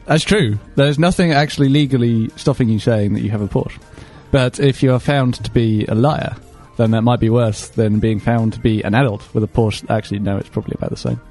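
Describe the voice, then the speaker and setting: A man speaks as a studio guest on a casual radio chat. He rambles with a dry, self-mocking humour. His pitch is middling, with faint music underneath. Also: fairly quick, few pauses, darkish tone.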